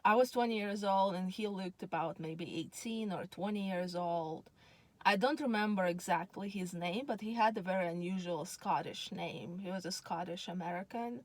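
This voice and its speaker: A woman's voice: on the low side, normal speed, no room sound. A woman, telling a personal story in a chatty, meandering way full of ums. She sounds tired. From Russia. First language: Russian. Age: 30s. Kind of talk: casual storytelling monologue.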